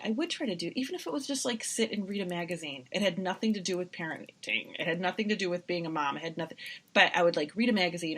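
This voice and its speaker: A middle-aged woman co-hosting a podcast, telling a personal story in a chatty, animated way with many fillers. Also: fairly low pitch. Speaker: podcast co-host. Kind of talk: casual podcast chat.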